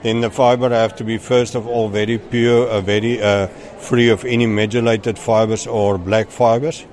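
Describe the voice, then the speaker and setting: A man's voice: fairly low pitch, level tone, moderate pace, darkish tone. Methodical man judging goats outdoors. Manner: methodical, explaining point by point. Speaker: goat show judge. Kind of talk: interview answers.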